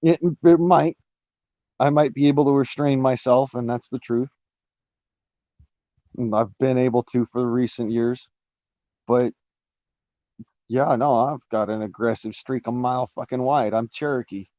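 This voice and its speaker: A man's voice: mid-range voice, steady tone, measured pace, long pauses, dry recording, highs cut off. Rambling man on a live stream. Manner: rambling, many restarts and fillers, swearing. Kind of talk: casual live-stream monologue.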